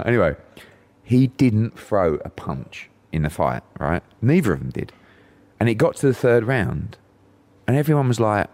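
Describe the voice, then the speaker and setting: Deep-voiced man telling a story. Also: moderate pace. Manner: animated storyteller, acts out other voices. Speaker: podcast guest, boxing promoter. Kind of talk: anecdotal storytelling.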